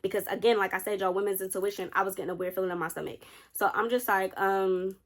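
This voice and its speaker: A young woman vlogger telling a personal story in a chatty, animated way, often speaking straight to her viewers. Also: mid-range voice, fast talker. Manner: chatty, animated, keeps addressing viewers directly. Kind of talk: casual storytime narration.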